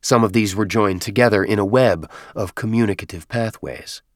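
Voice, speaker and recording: Low-pitched guy reading an audiobook, steady measured storytelling, dry close mic. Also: dry recording. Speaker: audiobook narrator. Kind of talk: scripted narration.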